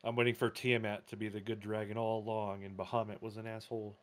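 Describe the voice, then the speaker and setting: Blunt sarcastic man, lowish voice. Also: little pitch movement, quick pace. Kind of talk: casual chat.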